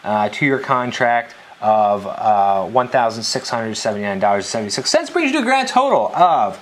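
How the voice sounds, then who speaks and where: A man's voice: medium pitch, very animated, normal speed. A man co-hosting a live tech news show in a studio, reading out prices with playful emphasis in casual chat. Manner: reads figures with playful emphasis.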